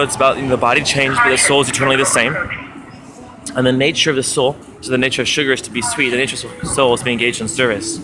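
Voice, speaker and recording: A young man talking casually and cheerfully to a handheld camera outdoors, chatty and animated as he recounts his day. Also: mid-range voice. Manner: upbeat, chatty, animated retelling with raised acted quotes. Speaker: street book distributor. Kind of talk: casual vlog monologue. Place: outdoors on a foggy city street. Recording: street noise behind. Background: city traffic and street ambience.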